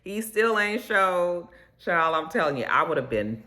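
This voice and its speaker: A woman chatting through a reality-show recap to camera, telling it with sassy slang and drawn-out emphasis. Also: sits low, bright, forceful tone.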